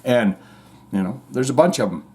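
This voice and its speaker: Animated, sarcastic male podcast host. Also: medium pitch, normal speed, breathy edge. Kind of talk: comedic commentary on played clips.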